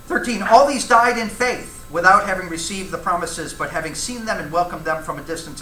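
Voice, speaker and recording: A man's voice: sits high, sharp tone, a little hiss or hum. A man teaching a church Bible class, talking with the class, asking questions and reading scripture aloud. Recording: echoey room, faint ambience.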